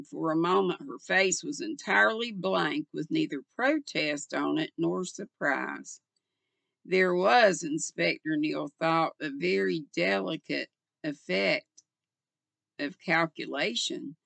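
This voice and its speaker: An older woman reading a mystery novel aloud as a chapter, unhurried and steady. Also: deep voice, vocal fry, no echo. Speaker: audiobook reader.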